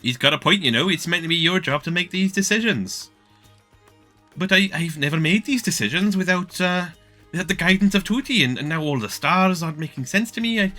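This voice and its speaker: A man's voice: fairly high pitch, expressive, fairly quick, pushed and bright, faint music behind, voice pushed up. A man voicing an anxious, indecisive woman mayor with a Welsh accent, stammering and hesitant. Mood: fretful.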